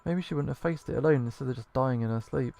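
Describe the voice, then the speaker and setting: A man reading as an anxious, bitter bartender woman from a video game, halting and hesitant. The voice is dark and gravelly, with faint game music underneath. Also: mid-range voice, lightly acted. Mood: regretful. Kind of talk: reading game dialogue aloud.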